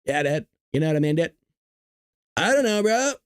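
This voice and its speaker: A man's voice: fairly high pitch, big pitch swings, moderate pace, smooth. Man goofing as a chill surfer bro, slangy drawl, voice bouncing up. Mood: laid-back. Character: laid-back young male California surfer dude.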